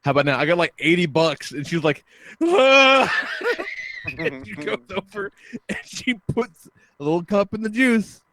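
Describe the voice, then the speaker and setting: A man hosting a podcast, telling a long story in casual chat, animated and full of swearing. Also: sits high, normal speed, a crowd in the background. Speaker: podcast host.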